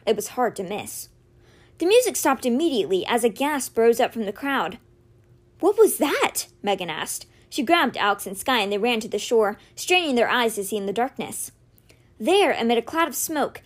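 Female reader, somewhat high voice, expressive read-aloud of a kids' novel. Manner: expressive storytelling narration. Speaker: audiobook reader. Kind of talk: reading a children's novel aloud.

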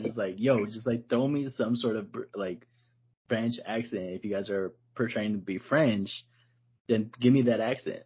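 A man co-hosting a podcast in casual chat, relaxed and loose, says "like" a lot and laughs often. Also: fairly low pitch, moderate pace, husky, lo-fi sound. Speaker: podcast co-host.

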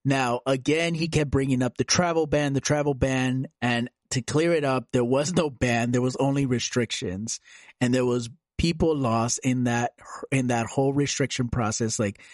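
A man's voice: mid-range voice, fairly even intonation, normal speed, no echo, clean studio sound. A man hosting a casual political chat podcast, talking loosely with fillers and casual swearing. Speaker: podcast host.

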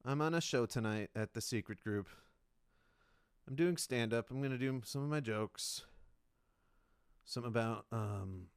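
Comedian guy rambling solo into the mic, self-mocking, lots of false starts, smooth clear voice, super dry room. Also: mid-range voice, measured pace, pauses often, no echo. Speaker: comedian, podcast host. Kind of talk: solo rambling podcast monologue.

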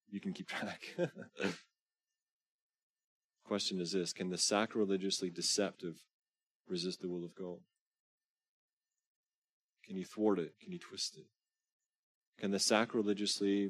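Earnest low-voiced man preaching a sermon. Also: breathy edge, dry recording. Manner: dramatic scripture reading with rising emphasis; earnest exhortation. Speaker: pastor.

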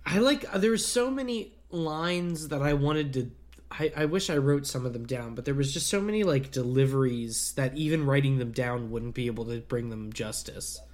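A man's voice: mid-range voice, animated, normal speed. A man co-hosting a casual movie podcast, laid-back and a little hesitant, laughing easily. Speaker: podcast co-host.

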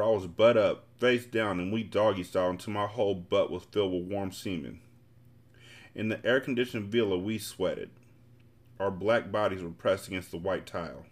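A podcast host reading a novel aloud in a fairly low male voice. He narrates in a relaxed, casual storytelling manner, leaning into the slang of the text.

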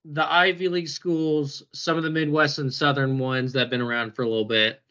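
A man's voice: on the high side, flat delivery, brisk, pushed and bright, lo-fi sound. A man hosting a podcast in casual chat, joking and laughing often as he talks. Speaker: podcast host.

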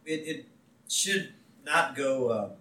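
A man's voice: medium pitch, expressive, slow pace, bright, forceful tone. Casting note: easygoing male podcast co-host, agreeable, recorded with noticeable room echo. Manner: laid-back, agreeable, laughs often. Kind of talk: casual chat recapping a cartoon episode. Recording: roomy echo.

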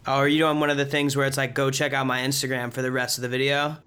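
A man's voice: mid-range voice, little pitch movement, fast, sharp tone, clear, resonant tone. A young man hosting a podcast interview, upbeat and encouraging, calling his guest dude. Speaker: podcast host. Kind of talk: casual interview chat.

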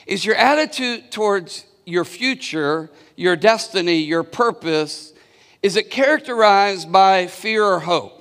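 Pastor preaching in a reverberant hall. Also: male voice, high-pitched, animated, unhurried, fairly bright tone. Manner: storytelling with call-and-response to the congregation; many restarts and repeated words. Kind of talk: sermon. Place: church hall. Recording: long reverb of a large hall.

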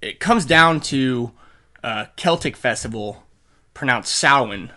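A bright, forceful male voice chatting loosely on a podcast. He jokes around, leans on fillers like "like" and "uh", and laughs often. The tone stays casual and playful. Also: medium pitch, animated, takes it slowly. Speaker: podcast co-host. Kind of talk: casual chat.

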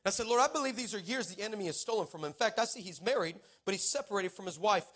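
Pastor, male, high bright voice, animated storyteller who breaks into shouts. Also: rapid-fire. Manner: animated, laughs through stories, rises to shouting exhortation. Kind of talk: sermon with storytelling. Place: church service.

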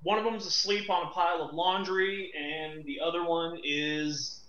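A man's voice: fairly high pitch, steady tone, normal speed, sharp tone, reverberant, dull audio. A man co-hosting a casual podcast, hesitant and rambling as he explains.

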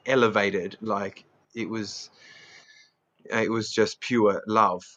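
A man in his thirties with a lowish voice, talking as an interview guest. He tells his story earnestly and rambles, leaning on "you know" and "like" and often laughing. The recording sounds dull and lo-fi. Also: fairly even intonation, slow, a bit bright. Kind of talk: candid personal storytelling.

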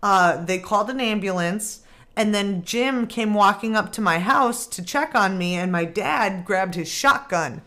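A woman hosting a podcast who tells a story in a casual, animated way and acts out what other people said. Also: mid-range voice, measured pace. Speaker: podcast host.

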